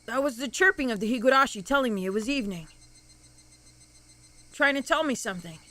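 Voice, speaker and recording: A paranoid young narrator from a horror game, voiced by a woman reading aloud, delivers each line with mounting dread. The voice sits high and bright, yet it sounds haunted. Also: fairly quick. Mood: dread-filled.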